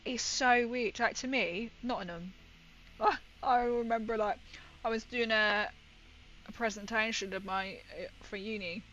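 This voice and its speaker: A woman's voice: fairly high pitch, fairly even intonation, measured pace, a bit bright, muffled recording, slight background noise. A woman with a northern English accent chatting playfully with her stream while painting, laughing often. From northern England. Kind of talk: casual livestream chat while painting. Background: faint music.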